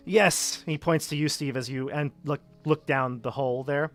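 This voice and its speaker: A man narrating as game master of a tabletop game, casual and halting with many fillers. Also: mid-range voice, flat delivery.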